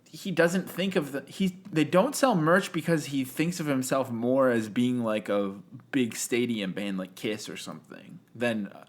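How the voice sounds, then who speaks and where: A man's voice: mid-range voice, unhurried, few pauses. A young man as a guest on a podcast, chatting casually and animatedly, laughing and swearing as he talks.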